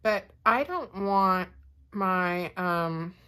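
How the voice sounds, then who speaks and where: A woman teaching a watercolor painting lesson, explaining each step calmly with frequent fillers. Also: on the low side, extremely slow, smooth. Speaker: art teacher.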